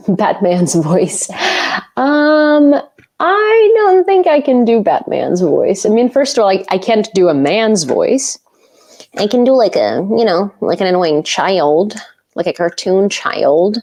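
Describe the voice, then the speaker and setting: Young woman from ukraine on a livestream, bouncy up and down voice, slow unhurried talk, laughs a lot. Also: mid-range voice. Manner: laughs often, animated and chatty. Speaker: live news streamer. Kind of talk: casual live-stream chat reading comments.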